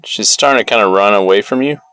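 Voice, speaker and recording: A man flying a search drone, calmly giving directions over the phone. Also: fairly low pitch, fast, clear, resonant tone, no room sound. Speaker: drone pilot guiding a search.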